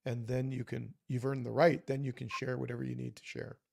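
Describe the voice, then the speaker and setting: Gravelly-voiced man giving earnest advice. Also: mid-range voice, little pitch movement, brisk, darkish tone, no echo. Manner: earnest, acts out example dialogues. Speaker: podcast co-host. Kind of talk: conversational advice talk.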